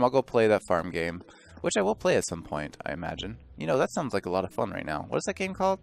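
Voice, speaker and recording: A man's voice: lowish voice, sing-song, fast, vocal fry, hardly any pauses. Rambling, joking man in game commentary. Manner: rambling, self-interrupting, joking. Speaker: let's play host. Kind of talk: casual gameplay commentary.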